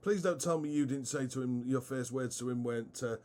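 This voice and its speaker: A man hosts a casual podcast interview, chiming in eagerly and cutting in with questions. His voice sits at a middle pitch. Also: brisk, dark tone. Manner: eager, interjects, laughs along.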